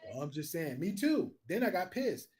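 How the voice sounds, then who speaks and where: A man co-hosting a podcast, telling a story in a blunt, profane, animated way. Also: high-pitched, normal speed. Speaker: podcast co-host. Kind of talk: casual storytelling.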